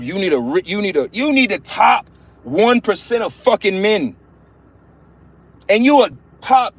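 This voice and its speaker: High-voiced man, scornful profane preacher ranting on a livestream, dry close sound. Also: dry recording. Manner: scornful, profane, quotes scripture.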